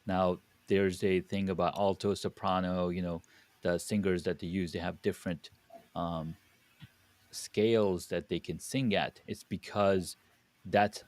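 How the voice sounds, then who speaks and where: A man with a deep voice, a guest on a podcast, explaining studio audio step by step and pausing to find his words. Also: flat delivery, a little mellow, no room sound. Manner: explanatory, with restarts and searching for words. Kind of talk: podcast conversation.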